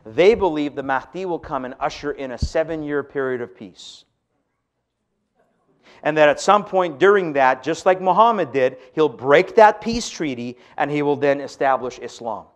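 A man giving an emphatic sermon-style lecture to an audience, asking rhetorical questions. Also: mid-range voice. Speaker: speaker on religion.

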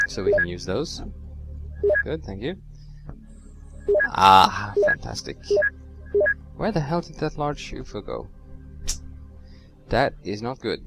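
A let's play host commentates casually on the strategy game he's playing, being sarcastic and talking to himself. His voice is creaky and fairly bright, with wild swings in pitch.

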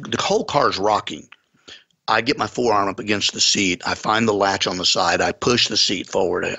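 A man with a fairly low, husky voice tells a story on a podcast, lively and forceful in delivery. The sound is dry and close, with no room around him. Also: no echo. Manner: vivid, animated retelling. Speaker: pastor.

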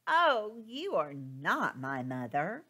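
A woman voicing a tiny lost baby bird in a storybook read-aloud, with a high, squeaky, pleading childlike voice. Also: wildly swooping pitch, slow, pushed and bright, breathy edge, heavily acted.

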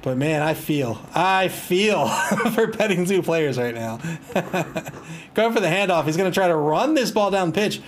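A man's voice: fairly high pitch, lively intonation, a little slow, a little hiss or hum. A man doing casual play-by-play commentary on a match. He laughs often, is wry and self-amused, and groans in mock despair at the plays.

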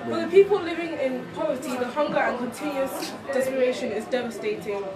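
A woman's voice: high-pitched, fairly quick. A fourteen-year-old girl earnestly reading a prepared speech at an event, stumbling over a few words. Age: teens. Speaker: speech giver. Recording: echoey event hall, far from mic, loud crowd.

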